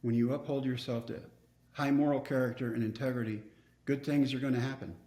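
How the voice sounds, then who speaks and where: A man's voice: mid-range voice, fairly even intonation, fairly quick, warm tone, echoey room. A man, telling personal stories earnestly as a podcast guest. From Texas. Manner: earnest, reflective storyteller. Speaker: guest speaker. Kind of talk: storytelling interview.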